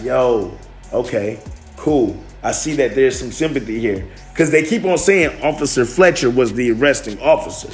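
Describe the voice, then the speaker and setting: A young man from Detroit recounts a story on a podcast, his voice sitting a little high for a man. He jumps into the voices of the people in the story and keeps it loose and conversational. Faint music hums underneath. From Detroit, USA. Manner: animated, acts out other people's lines, peppered with "bro".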